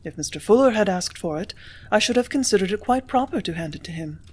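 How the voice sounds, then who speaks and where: A woman reading a story, voicing a composed young office woman who answers quietly and firmly. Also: mid-range voice, animated, fast talker, close to an everyday voice. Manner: quiet, cool, tart.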